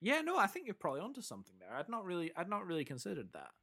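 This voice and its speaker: A man's voice: sits high, wildly swooping pitch, racing, bright, forceful tone, slightly rough. A man in casual chat about a film, eagerly quoting its lines. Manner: enthusiastic, quotes film lines with relish.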